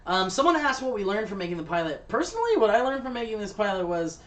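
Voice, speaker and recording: A man's voice: sits high, sing-song, fast talker, over a noisy crowd. A man in casual chat as a show cast member, rambling and laughing often. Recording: distant mic with faint noise.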